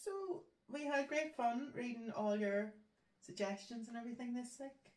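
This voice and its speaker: A Northern Irish woman co-hosting a casual podcast, chatty and self-mocking, quick to laugh. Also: fairly high pitch. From Northern Ireland. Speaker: podcast co-host. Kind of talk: casual chat. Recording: echoey room, distant mic.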